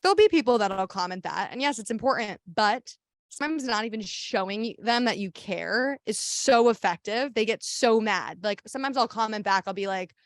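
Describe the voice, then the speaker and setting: A young woman talks through a workshop presentation in a loose, chatty way, sassy and self-mocking, full of fillers and quick restarts. Her voice sits in a middle pitch, and it is recorded close and dry with no room sound. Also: expressive, dry recording. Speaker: activist giving a workshop talk.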